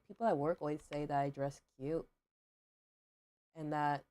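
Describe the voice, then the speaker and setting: A young woman with a low, mellow voice talks casually to her stream while playing. She rambles, fills gaps with "like" and "um", and questions herself along the way. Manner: rambling, filler-heavy, self-questioning. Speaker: livestream host. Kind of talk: casual chat while gaming.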